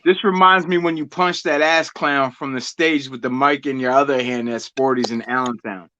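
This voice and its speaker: A man's voice: medium pitch, steady tone, moderate pace, pushed and bright, lo-fi sound. A man hosting a casual interview, mostly giving short agreeing replies and joking asides. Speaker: podcast host.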